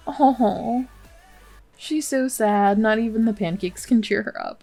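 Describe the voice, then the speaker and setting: A woman's voice: on the high side, measured pace, a little mellow, soft background music. A woman hosting a game let's play, commenting casually and sympathetically, with many fillers.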